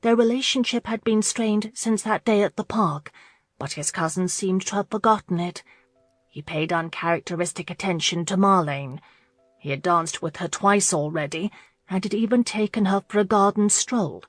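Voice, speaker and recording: A woman narrating a historical romance audiobook in a measured, even storytelling manner. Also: medium pitch, no room sound, faint music behind.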